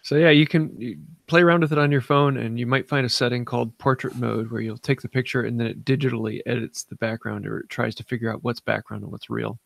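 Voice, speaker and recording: Male podcast host, mid pitch, gravelly, dry sound, steers topics. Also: fairly even intonation, fairly bright tone, no room sound. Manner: steers the talk, halting with fillers. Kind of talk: casual podcast chat.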